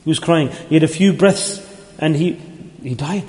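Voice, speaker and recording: Male preacher, high register, earnest and imploring, repeats his points; mosque hall, reverberant and roomy. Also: normal speed, a little mellow. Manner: earnest, pleading, repetitive exhortation. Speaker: Sufi religious teacher leading dhikr gatherings. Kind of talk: sermon. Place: mosque gathering. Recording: roomy hall with long echo.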